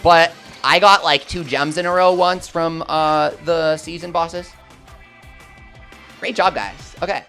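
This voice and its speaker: A young man commentating live gameplay and chatting with his viewers, swinging between hype and quick explanations. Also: a little high, steady tone, sharp tone, faint music behind. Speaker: gaming streamer.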